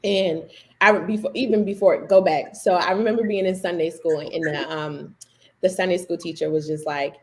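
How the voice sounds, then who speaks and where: A woman in her thirties hosting a women's church livestream, telling a personal testimony in an animated storytelling way. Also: lowish voice, normal speed. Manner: animated storyteller, acting out remembered dialogue. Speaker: women's ministry host.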